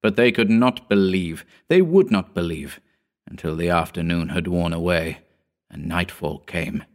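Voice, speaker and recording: A man narrating a pulp science-fiction story as an audiobook, in a measured, dramatic telling. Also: sits low.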